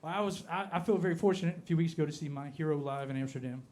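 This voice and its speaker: A man with an Appalachian American accent, doing stand-up in a comedy club. His voice sits a little high for a man. He delivers deadpan, slowing down on each punchline. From Appalachia, United States.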